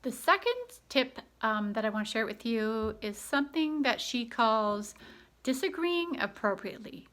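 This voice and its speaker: A woman's voice: a little high, fairly bright tone. A woman in her thirties, a homeschooling mother, giving earnest, chatty parenting advice with frequent ums. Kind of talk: casual advice vlog.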